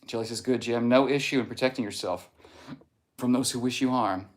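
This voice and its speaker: A man's voice: mid-range voice, brisk. A man live-streaming, reading chat comments aloud in a jokey, casual way and sometimes sliding into a mock Southern drawl.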